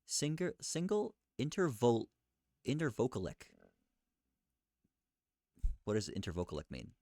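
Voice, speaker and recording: A man thinking aloud as he looks things up, questioning himself and reading search results aloud in a halting, muttering way. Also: medium pitch, wildly swooping pitch, dark tone, dry recording, studio quality. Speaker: streamer researching live.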